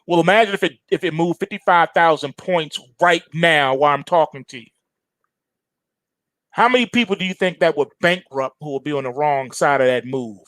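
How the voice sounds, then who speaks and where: High-voiced man lecturing on trading. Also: a bit bright, no echo. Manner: emphatic, preachy, slangy and repetitive. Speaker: trading show host. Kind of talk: market commentary monologue.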